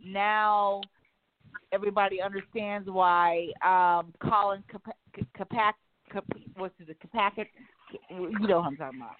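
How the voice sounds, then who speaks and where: A woman's voice: mid-range voice, a little slow. Emphatic woman talk host on a tinny line. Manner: animated, emphatic, profane, acts out quotes. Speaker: radio talk show host. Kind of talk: casual opinion talk. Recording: tinny phone-like line, dry.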